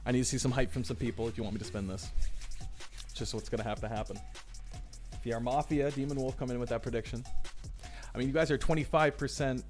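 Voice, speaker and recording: Man, livestream host, chatty, excitable, repeats himself, mid-pitched voice, faint music behind. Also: fast, pauses often. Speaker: livestream host running a tournament draw. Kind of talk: live-stream commentary reading chat.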